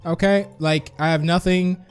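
A young man hosting a gaming video, chatting and reacting quickly with frequent laughs. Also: fairly high pitch, steady tone, clean tone, faint music behind. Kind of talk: excited gameplay commentary.

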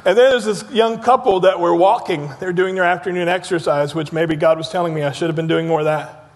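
A man preaching a sermon as pastor, telling stories with energy and dropping to soft, low tones for emphasis. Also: fairly even intonation, brisk. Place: church sanctuary. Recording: church hall reverb.

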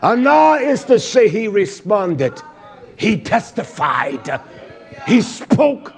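A man preaching a sermon while seated, repeating phrases and swinging from shouts down to low murmurs. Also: big pitch swings, slow pace, gravelly. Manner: repetitive, call-and-response phrasing.

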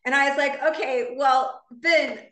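A woman's voice: high voice, fairly even intonation, moderate pace, bright, forceful tone, roomy sound. A woman in her fifties telling an earnest, heartfelt personal story to a live online audience. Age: 50s. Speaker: founder speaking to her business community.

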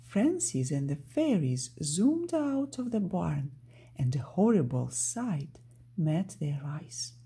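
A woman narrating a children's storybook aloud in an expressive storytelling manner. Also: fairly low pitch, slow, slightly rough.

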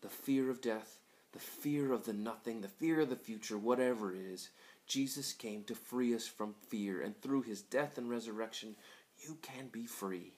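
A man who is a school pastor, giving a sermon at a graduation, swinging from loud pleading to hushed, whispered passages. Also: medium pitch, normal speed.

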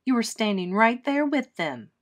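A woman voicing a haughty, accusing rich girl in a storybook read-aloud, pitched up and forceful. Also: big pitch swings, moderate pace. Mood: insistent. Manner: accusing, self-righteous.

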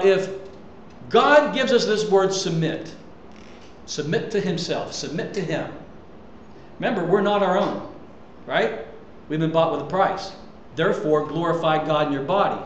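A man's voice: high-pitched, roomy sound, a little hiss or hum, rough recording. A man preaching a sermon as pastor, talking conversationally and emphatically, throwing out rhetorical questions to his congregation. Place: church sanctuary.

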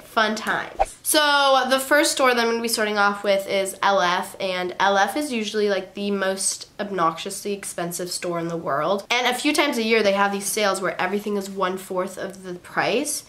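A young woman hosts a try-on haul vlog in a hoarse, raspy voice, worn rough by a cold. She chats casually and pokes fun at herself, with plenty of fillers along the way. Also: medium pitch, a bit bright. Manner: chatty and self-mocking, lots of fillers. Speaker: YouTuber hosting a try-on haul.

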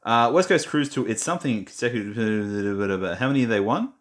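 A lowish male voice at a moderate pace belongs to a young Australian gaming vlogger. He chats casually as he reads quiz questions aloud, muttering and making fun of himself in a screen-recorded commentary.

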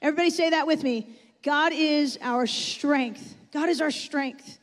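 A woman's voice: high-pitched, measured pace. A woman preaching a sermon in a church, chatty and often asking the congregation questions. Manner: conversational, asks the audience questions. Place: church sanctuary. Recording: long reverb in a church hall.

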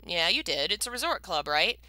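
A woman reading a book aloud and voicing a calm, skeptical male colleague on the phone. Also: fairly low pitch, brisk, dry recording, exaggerated voice. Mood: doubtful. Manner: calm, doubtful.

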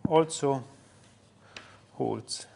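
A man giving a university mathematics lecture, halting often with fillers and restarts as he works through a proof. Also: mid-range voice, gravelly, mellow, a little hiss or hum. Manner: halting, many fillers and restarts while writing.

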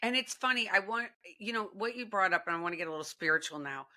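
A woman's voice: mid-range voice, expressive, fast talker, sharp tone. A woman hosting a podcast, chatting casually and animatedly, laughing often and acting out little imitations. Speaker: podcast host. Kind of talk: casual conversation.

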